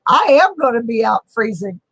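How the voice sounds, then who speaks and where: A woman's voice: a little high, very animated, normal speed, a bit bright, breathy edge, no echo, rough recording. A middle-aged woman hosting a casual coin collecting live stream, chatting in a rambling, self-deprecating, humorous way from her home. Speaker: host of a coin collecting show. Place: home on a mountain.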